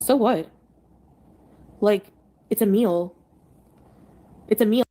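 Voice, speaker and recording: A woman's voice: mid-range voice, takes it slowly, dark tone. A woman talking casually on her own livestream, defending herself in a defensive, dismissive way. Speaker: streamer being commented on.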